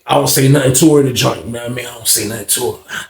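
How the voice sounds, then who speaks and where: A man's voice: medium pitch, very fast, creaky, crowd noise. A young man casually telling a personal story in a laid-back, slangy way, often repeating himself. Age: young adult. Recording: roomy echo.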